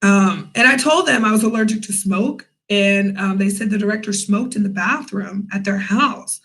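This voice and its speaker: Bright, chatty young woman telling a story. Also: medium pitch, normal speed, low-quality recording. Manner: chatty and animated, many fillers and asides to viewers. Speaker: vlogger, English teacher in Korea. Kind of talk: casual storytime.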